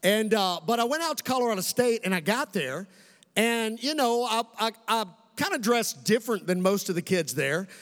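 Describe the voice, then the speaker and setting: High-voiced Kentucky preacher in a reverberant hall. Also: male voice, animated, fairly bright tone. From Western Kentucky. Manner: preacher's cadence, slowing for emphasis, calling on the congregation. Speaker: pastor. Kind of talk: sermon.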